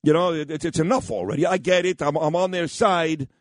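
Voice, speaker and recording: A man's voice: a little high, brisk, dry recording, clean studio sound. A man hosting a radio talk show, telling stories and giving blunt, rambling opinions. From New York. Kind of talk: storytelling and opinionated chat. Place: radio studio.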